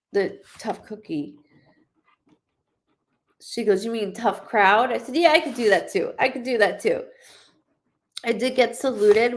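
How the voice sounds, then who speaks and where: Chatty rambling woman medium. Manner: chatty, rambling, self-deprecating, acts out quoted spirits in higher voice. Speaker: psychic medium. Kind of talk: live-streamed reading.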